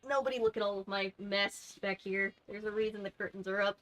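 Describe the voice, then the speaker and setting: A woman reads a storybook aloud in a casual, easygoing way, slipping into chatty asides between passages. Her voice sounds bright and clear. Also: medium pitch, fairly even intonation, a little fast, hardly any pauses, soft background music. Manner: reads steadily, then drifts into chatty asides. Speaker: channel host reading a book aloud. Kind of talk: casual read-aloud livestream.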